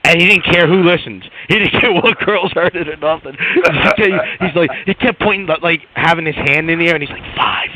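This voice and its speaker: A man's voice: a little high, brisk, few pauses, crowd noise, rough recording. A man co-hosting a podcast, telling a story in casual chat, swearing often and mimicking the people in it. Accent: New York. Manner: animated, swearing, mimics a coworker. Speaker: podcast co-host.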